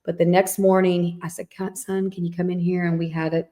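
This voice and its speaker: A middle-aged woman co-hosting a podcast, telling a family story in a casual, animated way and acting out the voices in it. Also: lowish voice, brisk. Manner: animated storyteller, acts out quoted dialogue. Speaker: podcast co-host.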